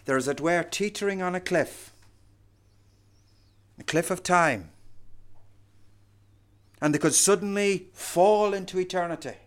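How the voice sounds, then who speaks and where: A man preaching a sermon, slow and emphatic, swinging from hushed lines to loud ones. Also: high-pitched.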